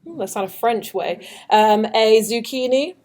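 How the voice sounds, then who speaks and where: A woman's voice: on the high side, unhurried, darkish tone. A young woman from the United Kingdom with a British English accent, giving a chatty, upbeat orientation talk and joking with her audience. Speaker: study abroad orientation presenter. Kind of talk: orientation presentation.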